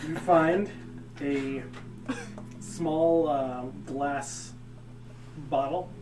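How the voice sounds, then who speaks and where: A man narrating a tabletop game as game master, describing the scene haltingly with many ums. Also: a little high, echoey room. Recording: distant mic, loud background noise.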